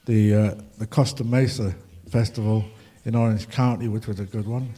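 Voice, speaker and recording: A man's voice: on the low side, fairly even intonation, normal speed, mellow, breathy edge. An older man telling rambling, humorous stories to an audience, with many fillers. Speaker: ragtime musician speaking at a festival. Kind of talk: anecdotal talk to an audience.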